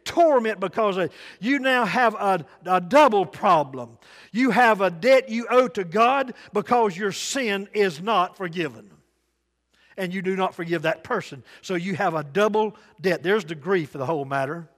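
A man preaching a sermon, telling folksy stories in dialect and shifting between loud and soft delivery. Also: high-pitched, expressive, moderate pace. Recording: long hall reverb.

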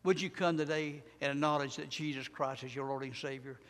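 A man's voice: on the high side, fairly even intonation, brisk, a bit bright, long reverb tail. A man preaching a sermon in a church, emphatic and repetitive, with rising and falling intensity.

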